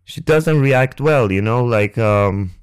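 A young man hosting a podcast, telling a personal story on a close microphone in a halting, rambling way, with restarts and swearing. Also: medium pitch, expressive, clear, resonant tone. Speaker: podcast host. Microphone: close ASMR microphone.

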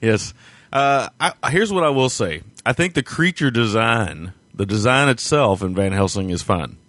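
Low-voiced man, rambling with dry sound. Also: expressive, unhurried, a bit bright, dry recording. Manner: rambling, hesitant, laughs often. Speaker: podcast co-host. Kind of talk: casual chat.

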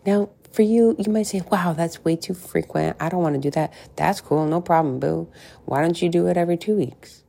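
A middle-aged woman gives a frank, chatty podcast monologue coaching on weight loss, swearing freely and tossing in asides. Her voice is on the low side and dark, with vocal fry, at a normal speed.

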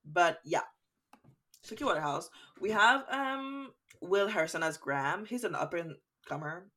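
Chatty low-voiced young Canadian woman. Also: expressive, a little slow, sharp tone. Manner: chatty, rambling with fun facts. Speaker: podcast co-host. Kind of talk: casual chat.

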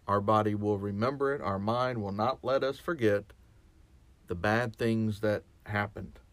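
Guy who's a chaplain talking on his podcast, kinda low voice, earnest, keeps stumbling and repeating words. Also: measured pace, fairly bright tone, no echo. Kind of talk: reflective podcast monologue.

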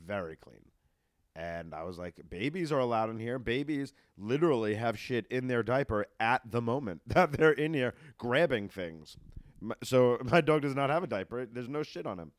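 A man from New York, a comedian, telling stories in casual chat, blunt and animated, laughing as he goes. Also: mid-range voice, moderate pace, no room sound, studio quality.

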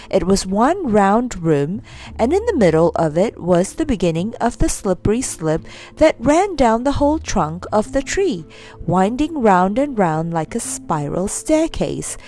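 Animated woman reading a storybook. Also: mid-range voice. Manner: expressive, animated.

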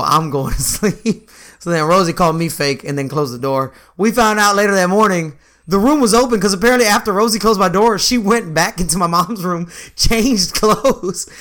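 A young man chatting casually, telling animated stories with lots of laughing and swearing. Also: high voice, fairly quick. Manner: animated storyteller, laughs often, swears freely. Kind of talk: casual chat.

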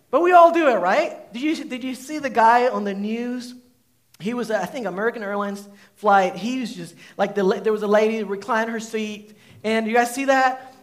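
A man preaching a sermon to a congregation in a conversational, animated way, asking the audience questions and using many fillers. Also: high-pitched. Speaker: pastor. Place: church hall before a congregation.

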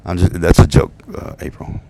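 A man's voice: normal speed, mellow, no echo. A man talking straight to the camera in a rambling, profane monologue, swearing often and laughing at his own jokes. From United States. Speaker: vlogger venting about exes.

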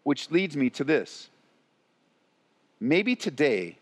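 A man's voice: a little high, lively intonation, a bit bright. Man preaching with long hall reverb. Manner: acts out worried parents in quick asides, preaches with shifting intensity. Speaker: pastor. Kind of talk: sermon.

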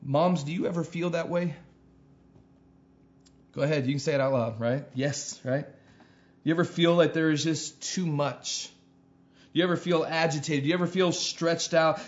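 A man's voice: on the high side, unhurried. Earnest male pastor preaching, lo-fi. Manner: earnest, repeats phrases, rises to emphatic peaks. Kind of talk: sermon. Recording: dull lo-fi sound.

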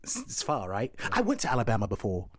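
A man's voice: fairly low pitch, wildly swooping pitch, quick pace, noisy background. A man with an English accent from Dorset who acts for a living, explaining things at length and repeating himself in casual podcast chat. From England. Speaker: podcast co-host, actor.

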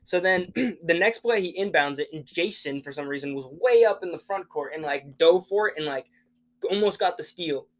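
A young man in casual podcast chat, telling an animated story full of acted-out quotes and casual swearing. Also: on the high side, normal speed.

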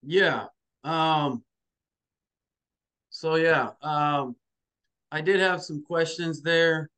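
A man's voice: a little high, steady tone, extremely slow, a bit bright, clean tone. A man hosting an interview, speaking hesitantly with many fillers as he responds. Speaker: interviewer, podcast host. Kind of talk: conversational interview.

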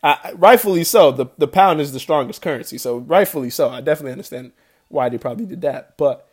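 A man's voice: on the high side, animated, fast talker, husky. A young man hosting a podcast in casual solo commentary, chatty and slangy, often asking "right?" to his listeners. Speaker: podcast host.

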